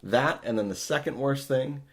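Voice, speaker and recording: A man's voice: mid-range voice, normal speed. A man hosting a podcast, ranting in a profane, exasperated way in casual talk. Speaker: podcast host.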